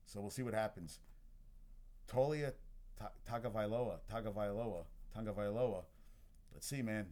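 A man's voice: fairly low pitch, moderate pace, long pauses. A man hosting a sports podcast, chatting casually about games as he watches one, rambling with restarts and asides. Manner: chatty and excitable about scores. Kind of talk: casual sports talk while watching a game.

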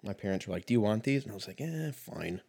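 A man's voice: on the low side, animated, fast, warm tone, husky. A man in his thirties talking casually on his own, rambling and mocking himself, swearing and laughing often. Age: 30s. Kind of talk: casual solo monologue.

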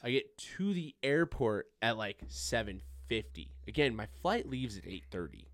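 A man's voice: mid-range voice, normal speed, no room sound, studio quality. A young man hosting a podcast, telling a story in casual chat with lots of swearing. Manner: profane, animated storytelling. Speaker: podcast host.

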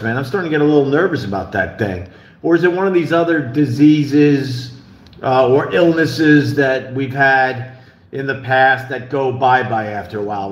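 Male host on muffled echoey phone audio. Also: mid-range voice. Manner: loose, rambling, musing aloud. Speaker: podcast host. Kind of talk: casual live-stream chat. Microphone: cell phone.

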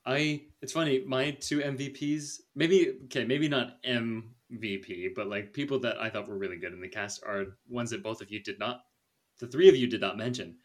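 A man's voice: mid-range voice, normal speed. Young man hosting a movie podcast. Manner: chatty and animated, laughs often. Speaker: podcast host. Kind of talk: casual movie review chat.

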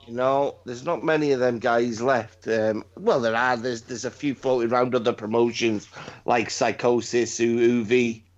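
A man's voice: mid-range voice, steady tone, normal speed. A man hosting a casual wrestling chat, rambling, swearing often and repeating his words. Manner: rambling, profane, repeats himself. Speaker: podcast host. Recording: dull lo-fi recording.

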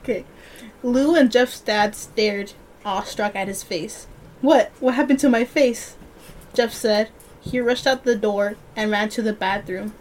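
A woman's voice: mid-range voice, a little mellow, slight background noise. A young woman reading a horror story aloud and breaking off to chat and joke with a friend. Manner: chatty, laughs and jokes between reading. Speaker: podcast co-host and reader.

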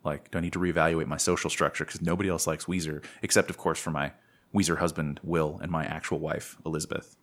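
A man's voice: very deep voice, fairly even intonation, fast, a bit bright. A man co-hosting a podcast in casual chat, playful and rambling, making jokes at his own expense. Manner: playful, rambling, self-mocking. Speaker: podcast co-host.

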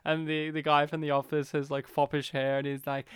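A man co-hosting a casual film podcast, animated, acting out scenes in put-on voices. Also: fairly high pitch, a little fast, few pauses, smooth, no echo, studio quality. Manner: animated, acts out movie lines in put-on voices. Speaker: podcast co-host.

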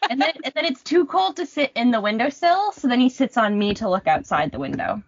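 A woman's voice: on the high side, brisk, no room sound. A young woman hosts a casual podcast, reading folklore notes and breaking off for sarcastic jokes. Her voice swoops about with a faint huskiness. The recording is dry and a little dull. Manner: animated, joking, sarcastic asides. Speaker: podcast co-host.

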